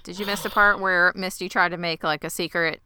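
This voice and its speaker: A woman's voice: lowish voice, fairly even intonation, fairly quick, crowd noise. A woman co-hosting a casual podcast, recapping episodes with a wry tone and playfully reenacting lines. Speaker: podcast co-host.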